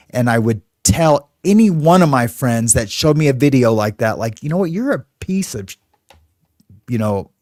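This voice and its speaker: A man's voice: mid-range voice, a little mellow, no room sound, clean studio sound. A middle-aged man from California, hosting and telling a story in a casual, rambling way. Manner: rambling, conversational, many fillers. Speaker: host.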